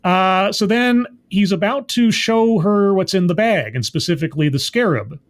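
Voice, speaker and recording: Brief: male reviewer with a fairly high voice, casual recap, hesitant and thinking aloud. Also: animated, moderate pace. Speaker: show reviewer.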